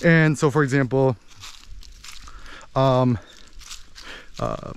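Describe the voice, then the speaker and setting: An American man talking in a rambling, animated way as he vlogs outdoors in a village, with lots of fillers. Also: mid-range voice, drawn-out words, clear, resonant tone. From United States. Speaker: vlogger. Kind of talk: casual walking vlog monologue.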